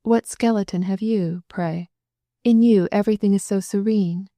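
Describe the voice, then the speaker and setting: A woman reading the part of a gentle, observant married noblewoman in an audiobook. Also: mid-range voice, steady tone, normal speed, no room sound, studio quality, lightly acted.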